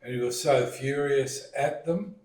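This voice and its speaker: Slow-talking guy leading a table chat, retelling a story, sounds a bit far off from the mic. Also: mid-range voice, a little mellow. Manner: slow storytelling, retells scenes with acted lines. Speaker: discussion leader. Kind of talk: relaxed teaching chat at a dining table. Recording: echoey room, voice set back from the mic.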